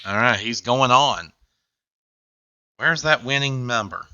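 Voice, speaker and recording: A man's voice: medium pitch, takes it slowly, pushed and bright, no room sound, highs cut off. A man hosting a game show, with upbeat, jokey patter.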